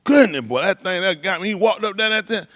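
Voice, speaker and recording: A man's voice: high-pitched, animated, fast talker, no echo, clean studio sound. A man telling stories in casual talk, rambling loosely and breaking into laughs. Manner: loose rambling delivery with laughs and shouted impressions.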